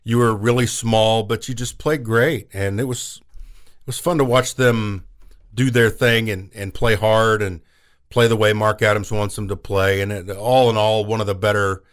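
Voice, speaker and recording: Low-voiced sports radio co-host man. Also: steady tone, moderate pace. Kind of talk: sports talk radio chat.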